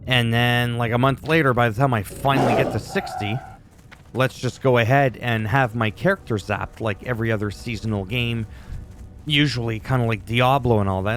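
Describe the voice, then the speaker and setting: Profane gamer ranting. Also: male voice, medium pitch, normal speed, heavy background noise. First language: French. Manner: ranty, profane, opinionated. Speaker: gaming YouTuber. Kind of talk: casual gameplay commentary.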